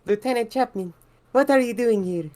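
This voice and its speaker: A man voicing a frightened young woman in a shrill falsetto. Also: normal speed, darkish tone.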